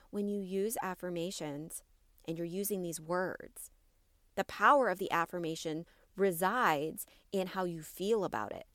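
Encouraging woman podcaster, low and dry. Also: dry recording. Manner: enthusiastic, encouraging, often adds "right?". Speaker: podcast host and wellness coach. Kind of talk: solo podcast talk.

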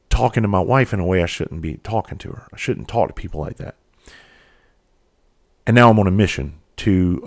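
A man's voice: fairly low pitch, darkish tone, no echo, studio quality. A middle-aged man hosting a podcast and delivering a blunt, heavily profane confessional monologue with emphatic delivery. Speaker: podcast host.

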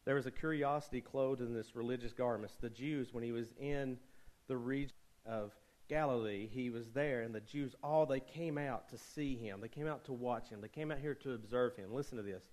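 A man's voice: mid-range voice, moderate pace, a little mellow, rough recording. A young man preaching a sermon as pastor, conversational with joking asides and rising emphasis.

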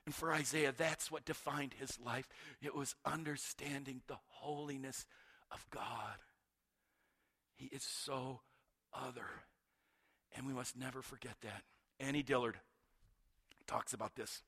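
A man preaching a sermon, swinging from loud urgent calls to hushed near-whispers and often repeating words. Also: mid-range voice, fairly even intonation, a little slow, pauses often, breathy edge. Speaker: pastor.

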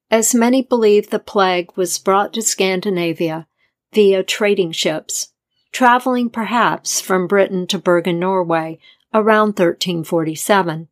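A woman narrating a folktale and its history in a measured, deliberate scripted style. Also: medium pitch. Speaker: storyteller.

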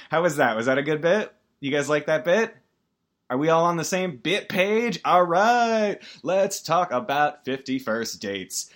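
A man hosting a comedic solo podcast, talking in a rambling, self-deprecating way with many stammered restarts and sudden jumps in pitch. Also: animated, a little slow, a bit bright. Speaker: podcast host.

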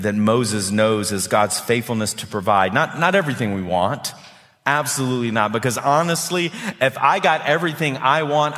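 A male pastor preaching a sermon with animated delivery, often repeating words as he builds his points. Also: on the high side, big-room sound.

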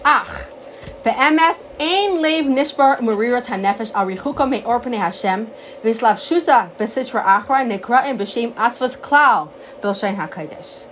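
Animated woman teaching a sacred text. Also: a little high, a little slow, a little hiss or hum, rough recording. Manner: animated storyteller, acts out quotes. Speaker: Torah teacher.

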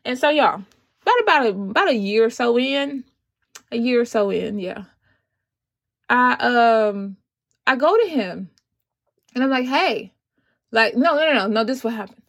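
Chatty woman with a higher voice. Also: moderate pace, long pauses. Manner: chatty, animated, addresses viewers as y'all and ladies. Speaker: vlogger giving Christian dating advice. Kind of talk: casual storytelling to viewers.

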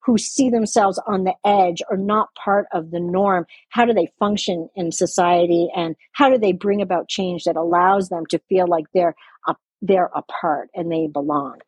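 A woman's voice: fairly low pitch, fairly even intonation, normal speed, husky, no echo. An older woman from Canada with a light Canadian accent, a guest reflecting at length in an interview, rambling and correcting herself with small laughs.

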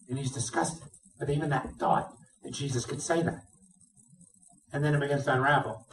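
A male pastor preaching a sermon, retelling a story with lively, acted-out dialogue. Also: medium pitch, moderate pace, long pauses, recorded from a distance, slight background noise. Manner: animated storytelling, acts out dialogue. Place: church sanctuary. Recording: roomy sound, speaker away from mic.

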